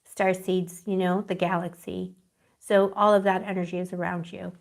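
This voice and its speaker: A woman's voice: on the low side, flat delivery, moderate pace, gravelly. Rambling, affectionate woman reading tarot. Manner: rambling and affectionate, calls viewers pet names; dreamy, searching for words. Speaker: tarot reader. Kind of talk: live-streamed tarot reading.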